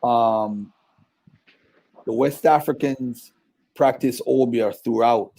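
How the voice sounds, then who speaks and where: A man hosting a call-in talk show, playful and lively with callers, then measured when answering. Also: medium pitch, vocal fry. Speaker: host. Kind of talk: live-stream call-in talk.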